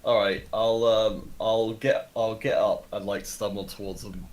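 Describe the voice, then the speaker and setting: A man's voice: on the low side, steady tone, a little slow, a little mellow. A man playing a tabletop game, hesitant and full of ums, with a playful streak. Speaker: player. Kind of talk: casual tabletop play.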